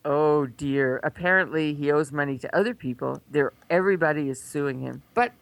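An older woman telling a story in a casual, animated way, laughing at herself. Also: low-pitched, moderate pace, gravelly, no echo. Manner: animated, acts out quoted voices, laughs at herself.

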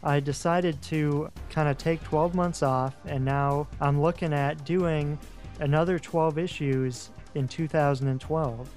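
A man's voice: fairly high pitch, steady tone, unhurried, darkish tone, faint music behind. A man on a radio talk show, chatting casually about places he will write about, with lots of fillers. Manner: chatty, rambling with many fillers. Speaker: regular guest, paranormal writer.

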